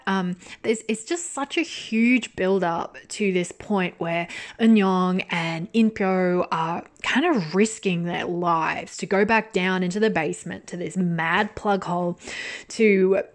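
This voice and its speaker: Woman podcast host, casual drama-review monologue, chatty, sweary, laughs often. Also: medium pitch.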